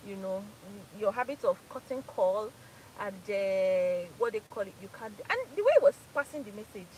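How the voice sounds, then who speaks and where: A woman's voice: mid-range voice, lively intonation, normal speed, a little mellow, slight background noise, poor audio. A Nigerian woman in her thirties from Port Harcourt, hosting a casual live chat, laughing often and repeating phrases for emphasis. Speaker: live stream host.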